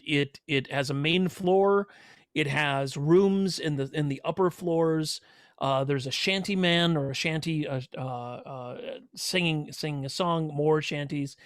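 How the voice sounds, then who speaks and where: In a dry, studio-quality recording, a man with a slightly high voice narrates a tabletop role-playing game as game master. He describes the scene in a rambling way, packed with fillers.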